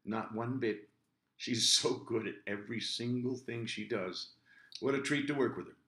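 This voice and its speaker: A man's voice: medium pitch, moderate pace, bright, forceful tone. An older man, a guest comedian, chatting casually and making emphatic points. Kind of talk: casual chat. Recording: roomy echo.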